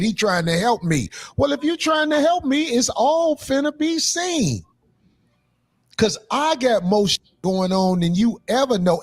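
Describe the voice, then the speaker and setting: Comedian type, high husky voice, swings wildly in pitch, heated rant. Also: male voice. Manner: loud, profane, sing-song rant. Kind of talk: angry rant.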